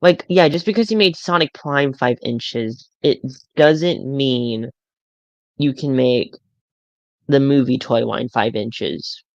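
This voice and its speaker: Man, casual live-stream chat, rambling, stammering, gravelly fry, dry close sound. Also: medium pitch, slow, darkish tone, no room sound, muffled recording. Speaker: toy collector streamer.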